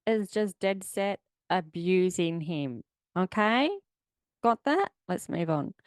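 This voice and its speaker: Brief: Australian woman podcast host, sarcastic and blunt, unhurried, dry close sound. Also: on the low side, lively intonation, no echo. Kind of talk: sarcastic commentary.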